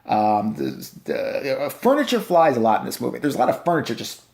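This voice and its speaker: A man's voice: medium pitch, huge pitch swings, brisk, gravelly, a little mellow. A man rants through a casual movie review, full of sarcasm and profanity. He mocks the film scene by scene in a loose, conversational voice, recorded on a handheld camera.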